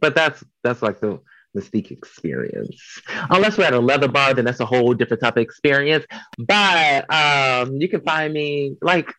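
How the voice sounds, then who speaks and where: A man from Chicago talks as a guest on an interview show, blunt and profane, cracking jokes about himself as he goes. His voice sits at an ordinary pitch, and the recording is dry and close with no room sound. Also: very animated, normal speed, bright, forceful tone, dry recording, low-quality recording. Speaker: drag performer guest. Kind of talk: casual interview chat.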